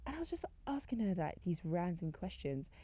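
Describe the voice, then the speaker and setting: A young faith podcast speaker with a lowish, dark, slightly rough voice talks briskly in a sing-song way, with no echo. She's chatty and heavy on "like," acting out the dialogue she describes.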